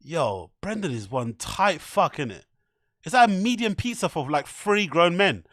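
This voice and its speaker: High-voiced man mocking clips. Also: very animated, normal speed, fairly bright tone, dry recording, clean studio sound. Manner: swears often, laughs a lot, incredulous mocking. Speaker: podcast host. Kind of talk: casual livestream commentary reacting to clips.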